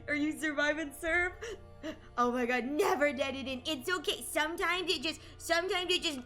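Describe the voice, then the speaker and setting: Brief: playful young woman game streamer, bright high voice, chatty and giggly. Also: normal speed, faint music behind. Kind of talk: casual gameplay commentary.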